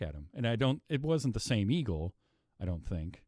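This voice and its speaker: Male podcast host, low voice, dry close sound, animated retelling of his reactions. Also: moderate pace, no echo. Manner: animated storytelling, acting out his own reactions. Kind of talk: casual chat about a film.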